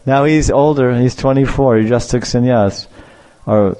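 Guy preaching a devotional talk, tells stories, acts out the quotes, normal pitch. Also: measured pace, clean tone. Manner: animated storyteller, acts out quotes, laughs. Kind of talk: devotional sermon with storytelling.

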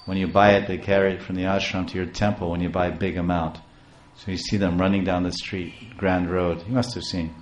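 A man preaching a devotional story, halting and repeating words as he goes. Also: low voice, little pitch movement. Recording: roomy echo.

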